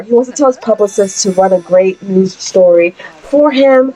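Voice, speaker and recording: A woman's voice: mid-range voice, darkish tone, poor audio. A young woman hosting a let's play, giving chatty, giggly commentary on her game. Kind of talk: casual gameplay commentary.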